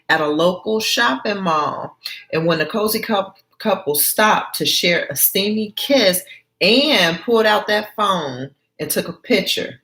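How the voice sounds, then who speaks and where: Slow, chatty woman telling a story. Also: fairly low pitch. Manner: animated, chatty asides to viewers. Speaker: storyteller and motivational speaker. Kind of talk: motivational storytelling.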